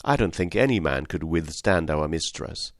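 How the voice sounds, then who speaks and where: Deep-voiced male audiobook narrator. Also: lively intonation, normal speed, no room sound, studio quality. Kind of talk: scripted narration.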